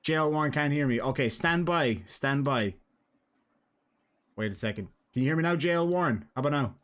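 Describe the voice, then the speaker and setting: A man's voice: on the high side, animated, a little fast, fairly bright tone. Chatty Irish man hosting a live stream. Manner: chatty, teasing, joking with guest and chat. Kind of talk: casual live-stream chat.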